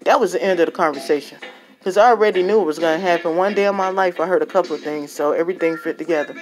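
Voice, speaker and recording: A religious vlogger, an adult woman with a child and parents, gives a fervent, exhorting testimony, repeating herself for emphasis. Her voice is on the low side and rapid-fire, with soft background music.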